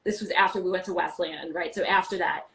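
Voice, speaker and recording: A woman in her forties from New York, chatting animatedly as a guest on a video-call interview, full of quick asides and "like" fillers. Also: lowish voice, steady tone, gravelly, fairly bright tone, poor audio. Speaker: guest, wine podcast host. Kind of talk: casual interview chat.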